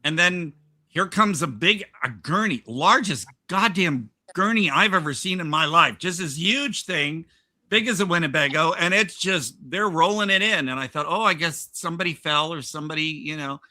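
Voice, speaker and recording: A man's voice: high voice, animated, moderate pace, pushed and bright. A man hosting a podcast, telling a rambling workplace anecdote in casual chat with frequent laughs and restarts. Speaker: podcast host.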